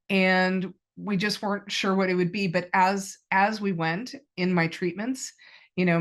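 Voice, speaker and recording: A woman in her fifties, a cancer patient, telling her personal story in an interview in a candid, reflective way, with many ums. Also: lowish voice. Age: 50s. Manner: candid and reflective, with frequent fillers.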